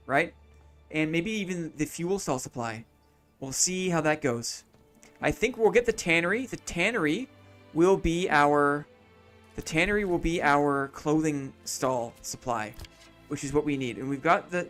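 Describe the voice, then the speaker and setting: A man's voice: fairly high pitch, a bit bright. Man thinking aloud over faint music. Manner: thinks aloud, repeats his own phrases; chats with viewers between moves. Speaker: streamer playing a city-building game. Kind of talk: casual live-stream commentary.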